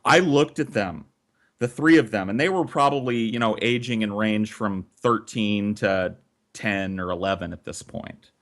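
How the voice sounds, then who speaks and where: A man's voice: lowish voice, moderate pace. A man co-hosting a podcast, telling a long story in a casual, profane way with lots of swearing. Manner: profane, animated, swears often.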